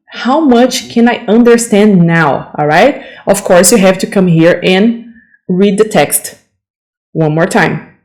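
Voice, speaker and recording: A woman's voice: mid-range voice, darkish tone, low-quality recording. A woman teaching English vocabulary, saying each word twice with careful pronunciation and stopping to correct common mistakes. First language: Portuguese. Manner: corrective, checks in with "okay?".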